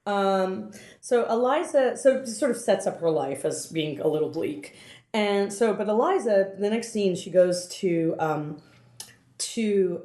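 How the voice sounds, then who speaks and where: A woman's voice: mid-range voice, darkish tone. A woman podcast host recapping a film in casual chat, rambling with many fillers and restarts. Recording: roomy, echoey room.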